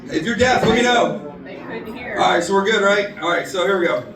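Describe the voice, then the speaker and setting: A man's voice: sits high, animated, a little fast. A man doing a stand-up comedy set on a bar stage, rambling loosely with fillers and crude punchlines. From United States. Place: bar stage before a live audience. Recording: roomy bar recording from a distance, crowd heard.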